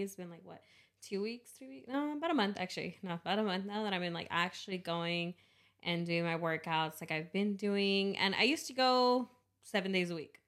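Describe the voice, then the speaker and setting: A woman's voice: fairly low pitch, fairly bright tone. Chatty young woman podcast host. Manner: chatty, rambling with frequent restarts and laughs. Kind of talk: casual chat.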